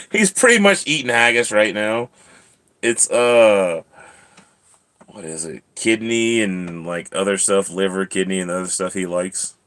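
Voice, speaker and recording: A man hosting a casual vlog, relaxed, laughing often and talking to his cats. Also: fairly low pitch, takes it slowly, long pauses. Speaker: channel host.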